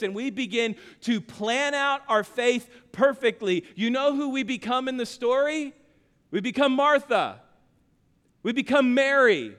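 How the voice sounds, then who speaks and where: A man preaching a sermon, telling a self-mocking story with loud exclamations and hushed confessions. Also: high voice, expressive, slow pace, long reverb tail. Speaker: pastor.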